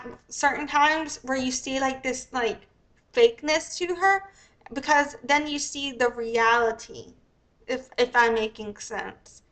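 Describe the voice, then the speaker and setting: A woman with a high, bright voice talks through her thoughts in a loose commentary monologue. She rambles and restarts often, leaning on fillers as she goes. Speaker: host.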